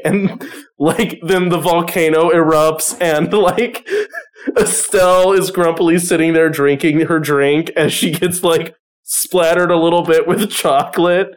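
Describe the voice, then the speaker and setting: A man running a tabletop game, his voice sitting a little high for a man. He rambles through scenes with plenty of fillers and keeps breaking into giggles. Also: steady tone, a little slow. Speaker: game master.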